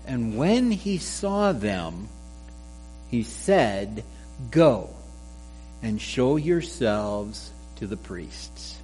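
A man's voice: fairly low pitch, sing-song, a little mellow. A man preaching a sermon, telling a joke with character voices before reading scripture and explaining it. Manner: slow, measured delivery with a joke told in voices. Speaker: pastor. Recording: faint mains hum.

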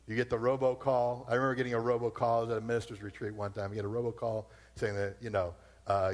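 A man preaching a sermon in an animated, emphatic storytelling manner, heard with long hall reverb. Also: mid-range voice, quick pace, few pauses. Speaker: pastor.

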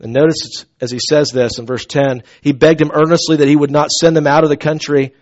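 A man preaching a sermon as pastor, in a conversational, animated storytelling way. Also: a little high, fairly quick, lo-fi sound.

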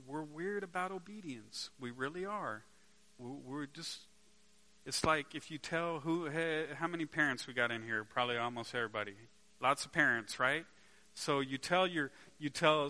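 Man, preacher, sermon, bright forceful voice, conversational, halting repeats, rhetorical questions. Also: a little high. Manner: conversational, repeats words while searching for them. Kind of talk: sermon to a live congregation.

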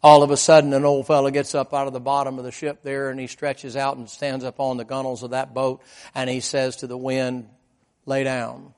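A male preacher with a mid-range voice delivers a sermon as a folksy storyteller. He keeps asking the congregation questions and paints scenes in vivid detail. His delivery rises to loud emphasis and then drops to hushed asides. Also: monotone, fairly quick. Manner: swings between loud emphatic lines and low quiet asides.

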